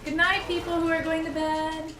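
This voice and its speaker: Playful woman, high voice, teasing stream guest; distant mic, noisy background. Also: level tone, roomy sound. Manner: playful, teasing, quick asides. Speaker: guest co-host on a game stream. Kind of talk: casual joking chat.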